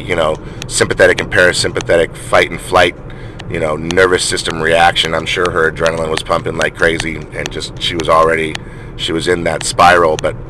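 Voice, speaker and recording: A man's voice: low-pitched, bright, forceful tone, slight background noise, rough recording. A middle-aged man telling a personal story in a rambling vlog monologue, full of restarts and fillers. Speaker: vlogger.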